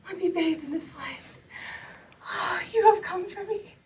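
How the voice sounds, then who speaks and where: A young woman playing a haunted, pleading character in a theatrical stage monologue, her voice breaking into tears and shouts. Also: very high-pitched, a little slow, a little hiss or hum. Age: young adult. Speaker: stage actor. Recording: distant live stage recording.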